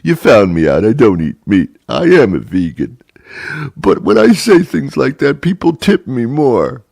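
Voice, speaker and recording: A man putting on a gushing high-voiced waitress. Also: unhurried, vocal fry, breathy edge, no echo, full character voice. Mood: confessing. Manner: overly eager, flattering customer service. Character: gushing, fawning female restaurant waitress.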